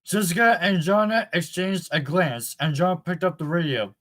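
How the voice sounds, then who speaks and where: A man's voice: high voice, animated, moderate pace, fairly bright tone. A man reading a novel chapter aloud in a plain voice, with occasional fillers and self-corrections. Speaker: audiobook reader.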